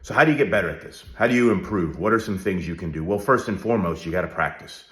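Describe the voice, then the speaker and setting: A man's voice: sits low, expressive, fast, a bit bright. A middle-aged man speaking straight to the viewer as a leadership coach, direct and coaching, often checking in with "all right?". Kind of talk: direct-to-camera advice talk. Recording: roomy echo.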